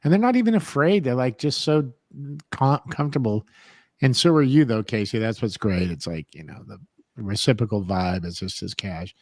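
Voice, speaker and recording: A man with a fairly low, ordinary voice, joking around and teasing in loose, playful chat. He talks over a video call, and the sound is dry with no room echo. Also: lively intonation, normal speed, darkish tone. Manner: jokey, teasing, puts on funny voices. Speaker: co-host.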